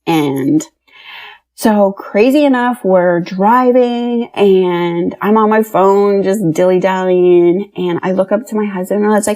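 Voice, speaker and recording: A woman's voice: medium pitch, a little slow, mellow. A woman in her thirties from Pennsylvania, telling her personal story as a podcast guest and acting out the dialogue as she retells it. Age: 30s.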